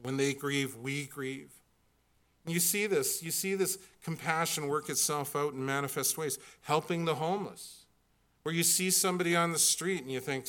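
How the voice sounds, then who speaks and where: A man's voice: a little high, normal speed, a bit bright. A middle-aged man preaching a sermon, earnest and building to emphatic peaks when he reads scripture. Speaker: pastor.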